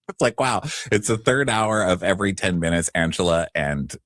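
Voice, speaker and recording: A man's voice: sits low, expressive, moderate pace, fairly bright tone, no room sound, clean studio sound. A man co-hosting a casual recap podcast, blunt and opinionated in his chat. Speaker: podcast co-host.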